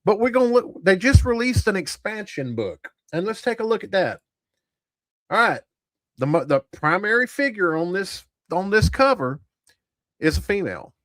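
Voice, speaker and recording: A man's voice: high-pitched, very animated, moderate pace, fairly bright tone, no room sound, studio quality. A man hosting a tabletop gaming channel, giving blunt, profane, rambling commentary to a live chat. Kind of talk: casual livestream commentary.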